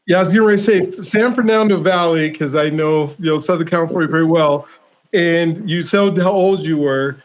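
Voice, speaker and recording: A man's voice: fairly high pitch, fairly quick. A male podcast host who chimes in with engaged, short reactions while his guest speaks.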